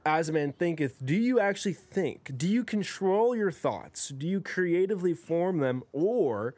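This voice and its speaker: A man's voice: on the high side, animated, a little slow, darkish tone, no echo. A young man co-hosting a podcast in a casual chat, rambling and jokey with lots of swearing. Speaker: podcast co-host.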